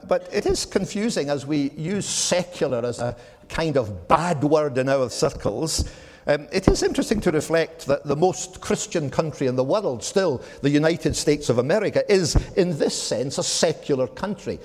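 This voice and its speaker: A Scottish man in his seventies giving a measured, reflective talk to a church audience, with frequent ums. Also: fairly high pitch, animated, a little mellow. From Scotland. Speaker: speaker at a church gathering. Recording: long hall reverb.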